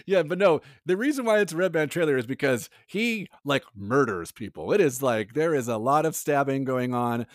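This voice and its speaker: Animated man in a dry-sounding podcast chat. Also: mid-range voice, normal speed, hardly any pauses, no room sound. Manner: animated, laughs often, lots of fillers. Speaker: podcast co-host. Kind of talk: casual pop-culture chat.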